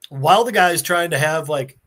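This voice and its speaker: A man hosting a podcast, animated and laughing as he casually retells a comic issue, swearing freely. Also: fairly high pitch, moderate pace. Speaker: podcast host.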